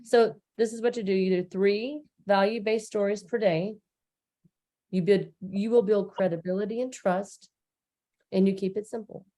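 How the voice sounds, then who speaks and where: A woman's voice: mid-range voice, steady tone, normal speed, warm tone. A woman co-hosting a casual recap chat, talking earnestly and loosely with plenty of fillers. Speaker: co-host.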